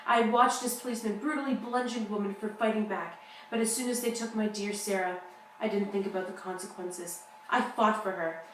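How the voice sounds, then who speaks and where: A young woman playing a grieving mother who survived a wartime roundup, telling it in a solemn, measured way. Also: medium pitch, steady tone, a little hiss or hum, natural voice. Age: young adult. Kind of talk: school-project talk-show role-play. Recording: echoey room, distant mic.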